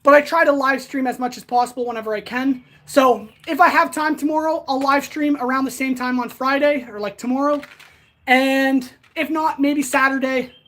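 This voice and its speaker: A woman's voice: high voice, normal speed, a bit bright. A woman hosting a casual livestream, winded as she talks between sword swings and answers viewers. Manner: chatty, answers viewers directly. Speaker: blacksmith livestream host.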